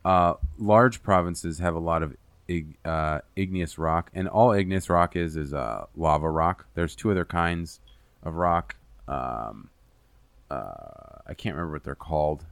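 A man hosts a casual podcast, explaining a science topic in a rambling, self-deprecating way with plenty of fillers and swearing. His low voice is unhurried with vocal fry, clean-toned and free of echo.

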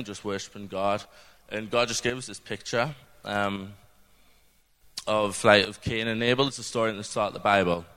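At a church gathering, a young British man shares an informal, earnest testimony that rambles along with plenty of fillers. His voice is on the low side, sharp-toned and smooth, and a long hall reverb surrounds it.

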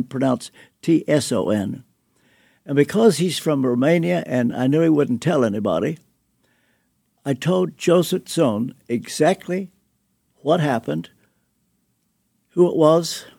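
An older man speaks at an unhurried, deliberate pace with a gravelly, mellow tone. A husky texture runs through his voice as he reflects and chuckles softly. The sound is close and dry. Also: mid-range voice, no echo. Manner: slow, deliberate, with soft chuckles. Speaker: guest author and pastor. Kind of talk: reflective interview storytelling.

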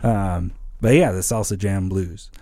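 A man talking casually on a church podcast, explaining how songs are written, lively and full of examples. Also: sits low, measured pace, no room sound, clean studio sound. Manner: animated, explains with examples and rhythms. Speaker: church songwriting guest.

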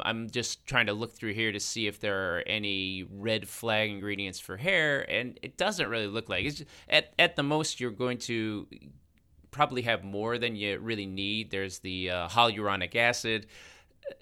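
A man with a bright, forceful voice, pitched a little low for a man, talks through cosmetic chemistry on a podcast. He explains step by step and thinks aloud, often restarting a phrase. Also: clean tone. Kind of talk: casual science podcast chat.

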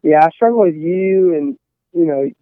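A man's voice: fairly high pitch, lively intonation, normal speed, no room sound, narrow, tinny audio. A young man from Texas, a college golfer rambling casually through an interview with lots of fillers. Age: young adult. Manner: rambling, many fillers and restarts.

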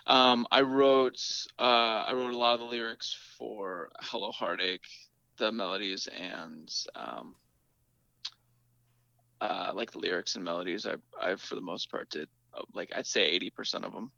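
A man's voice: fairly low pitch, normal speed, vocal fry, pushed and bright, no room sound, lo-fi sound. A man, the lead singer of a band, chatting casually as an interview guest, laughing often and talking with many fillers and restarts.

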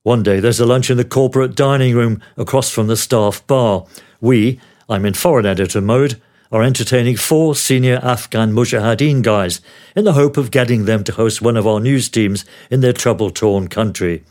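A man's voice: mid-range voice, moderate pace, a little mellow. An older man from Australia, a former TV news producer, reading his memoir aloud with wry, dry humor. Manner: wry, dryly humorous storytelling. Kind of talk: memoir read aloud as narration.

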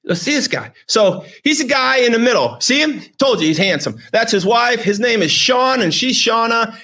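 A man's voice: extremely high pitch, very animated, normal speed, sharp tone. A middle-aged man hosting a vlog, telling a personal story with emotion, rambling and repeating phrases for emphasis. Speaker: host.

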